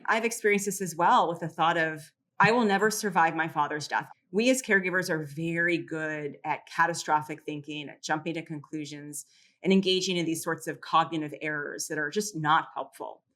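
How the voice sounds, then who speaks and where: A middle-aged woman psychologist explaining coping tools calmly and clearly in a podcast interview. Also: low-pitched. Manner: calm, measured, teacherly explanations. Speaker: psychologist and caregiver clinic founder.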